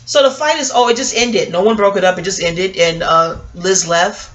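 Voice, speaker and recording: A middle-aged woman vlogger telling a story in a casual monologue, profane, animated and wisecracking. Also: mid-range voice, normal speed.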